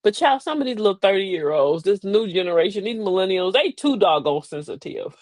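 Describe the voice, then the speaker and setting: A woman's voice: medium pitch, expressive, brisk, a little mellow, dry recording. A middle-aged woman hosting a live motivational talk, folksy and preachy, with emphatic delivery. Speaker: host.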